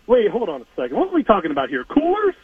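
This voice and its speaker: A man's voice: high-pitched, huge pitch swings, very fast, husky, no echo. A man calling in to deliver a comic rhyming trash-talk rap, playful and mocking. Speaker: caller doing a weekly rap segment. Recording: tinny phone line.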